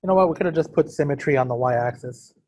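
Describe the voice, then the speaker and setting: Joking man teaching a math class, higher-pitched. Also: fast talker, darkish tone. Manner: casual, keeps quizzing the class; joking, self-deprecating. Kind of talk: classroom lecture. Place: classroom with students also on a video call.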